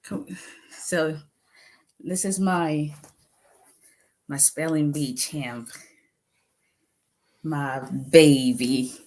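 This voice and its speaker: A woman's voice: deep voice, very slow, pauses often, a little mellow. A woman with a Nigerian accent, an immigration attorney chatting casually with viewers on a livestream, sounding tired after a long day. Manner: chatty, laughing, greets viewers by name.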